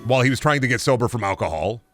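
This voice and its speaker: A young male streamer talking at a middle pitch with a lively, swooping delivery. He chats casually and rants with heavy swearing. Faint music plays behind him. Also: very fast. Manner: animated, profane ranting. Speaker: game streamer. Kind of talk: casual chat while gaming.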